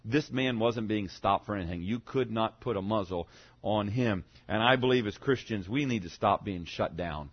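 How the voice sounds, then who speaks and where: A man preaching a sermon, swinging between loud, fervent cries and hushed, low lines. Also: normal speed, slightly rough, lo-fi sound.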